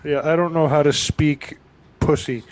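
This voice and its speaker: A man's voice: fairly high pitch, fairly even intonation, a little slow, a little mellow, slight background noise. A man cracking crude, teasing jokes in casual live-stream banter.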